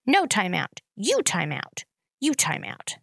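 A woman's voice: mid-range voice, huge pitch swings, takes it slowly, creaky, fairly bright tone, breathy edge, no room sound, clean studio sound, exaggerated voice. A woman voicing a stubborn toddler girl, shrieking and chanting through a tantrum. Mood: fussing.

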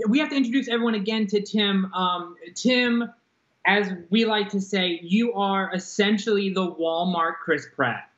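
A man's voice: high-pitched, normal speed, a bit bright. Teasing male cohost over a dull line. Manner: teasing, laid-back. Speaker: podcast cohost. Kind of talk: casual chat. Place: remote, from another city.

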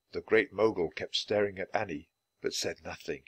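A man reading a children's chapter book aloud clearly, for language learners. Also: low voice, steady tone, normal speed, a bit bright, no room sound. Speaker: storybook reader.

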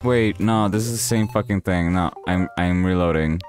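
Soft music plays behind a low, somewhat dark male voice at normal speed. He hosts a gaming channel and narrates his own let's play live, frequently annoyed, swearing and laughing at his mistakes, at times pleading with the game.

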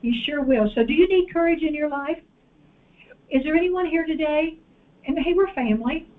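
A woman preacher delivering an animated sermon and calling out to the congregation in a church. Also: sits high, moderate pace. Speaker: guest preacher. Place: church sanctuary. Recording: tinny phone-like audio.

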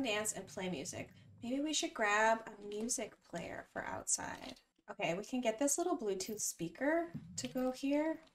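A woman chatting through a life-sim game as a bubbly channel host, often correcting herself mid-sentence. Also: a little high. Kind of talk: casual game commentary. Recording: voice distant from the mic, faint music.

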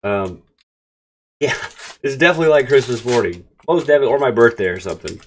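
A man hosting a casual card pack-opening vlog, excitable and gushing as he talks straight to his viewers. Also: medium pitch, quick pace, slight background noise. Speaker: card-opening channel host.

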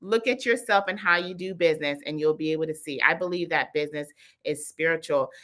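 A woman business coach talking on a live stream, telling stories in an animated, chatty way. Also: sits low. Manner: animated, chatty, heavy use of "like".

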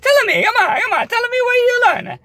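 A man voicing a doting old grandmother who fusses and exclaims in a shrill, gushing way. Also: big pitch swings, moderate pace, pushed and bright, dry recording, heavily acted.

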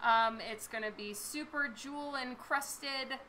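High-pitched chatty woman, slow and bright. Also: slight background noise, poor audio. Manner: chatty, laughs often, reads and answers chat. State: hoarse, losing her voice. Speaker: comic book artist live-streaming. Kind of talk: casual live-stream chat while drawing. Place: home studio with a fan running.

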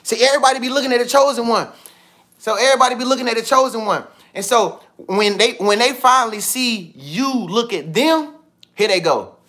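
A man giving casual motivational talk on a livestream, slangy and animated, repeating himself often. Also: very high voice, brisk. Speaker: vlogger. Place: indoors with TV and iPad.

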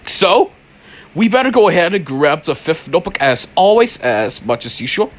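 Panicky young man with a lively voice. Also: a little high, moderate pace. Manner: panicky, pleading, repeats phrases. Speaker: gamer playing a horror game. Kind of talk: let's play commentary.

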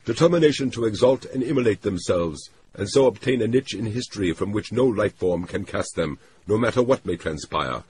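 A man's voice: lowish voice, lively intonation, a little fast, few pauses, a little mellow, a little hiss or hum, pitched above the performer's own voice, lightly acted. A man voicing a formal, anxious middle-aged trade official who speaks in stiff, overly polite phrasing. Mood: formal, musing.

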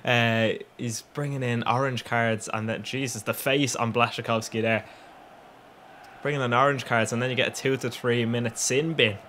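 Young man, game commentary, excitable, swears and laughs a lot, rambling. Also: medium pitch, moderate pace, a little hiss or hum. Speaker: gaming YouTuber. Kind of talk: gameplay commentary.

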